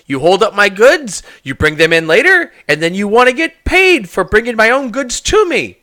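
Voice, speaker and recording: A shrewd woman trader in her forties, as a game master puts her on, raised high with a swinging, lively delivery. She stammers when surprised and turns prickly and indignant when money comes up. Her tone is bright and forward, set close to the mic. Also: clean tone, dry recording, full character voice. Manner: flustered and haggling, quick to take offense.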